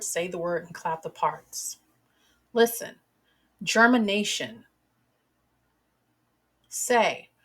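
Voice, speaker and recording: A woman teaching a children's phonics lesson, speaking slowly and splitting words clearly into syllables. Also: on the low side, fairly bright tone. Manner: slow, clearly segmented words for kids.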